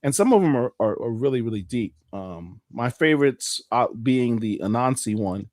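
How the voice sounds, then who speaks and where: Animated man hosting a comics chat. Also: mid-range voice, moderate pace, no echo, clean studio sound. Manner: animated, playful, emphatic. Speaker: podcast host. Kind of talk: casual chat about comics news.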